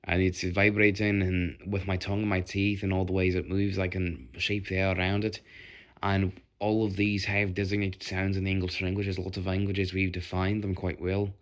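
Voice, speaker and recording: A man's voice: deep voice, completely flat delivery, moderate pace. A man vlogging alone into his phone, rambling through a restless, self-mocking monologue and swearing freely.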